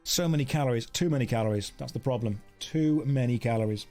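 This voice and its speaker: A man's voice: mid-range voice, fast talker, darkish tone, faint music behind. A man chatting playfully with viewers during a casual game stream, joking as he plays.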